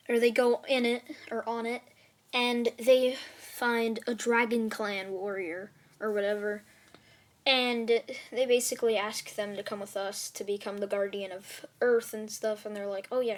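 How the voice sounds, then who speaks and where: A woman casually telling a fan story to her viewers, rambling with lots of fillers. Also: medium pitch. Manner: rambling, filler-heavy retelling.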